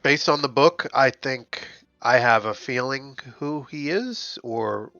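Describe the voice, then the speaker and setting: A man's voice: medium pitch, takes it slowly, sharp tone, no room sound, soft background music. A man chatting casually as a player in a tabletop game, musing aloud, recorded on a dull, dry lo-fi mic. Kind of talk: casual chat.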